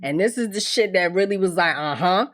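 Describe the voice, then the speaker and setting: A woman talks through a TV episode in a casual recap. Her pitch swings up and down a great deal. She is blunt and profane, and she acts out the characters' lines herself. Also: expressive, fairly quick.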